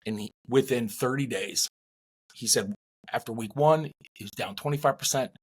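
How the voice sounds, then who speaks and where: A middle-aged man in casual podcast chat, animated and rambling, with many restarts. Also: medium pitch, moderate pace, breathy edge. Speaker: podcast co-host.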